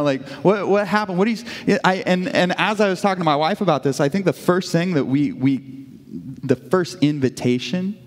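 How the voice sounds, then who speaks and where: A male pastor giving a sermon in a conversational, self-correcting way, acting out inner dialogue as he goes. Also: a little high. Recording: long hall reverb.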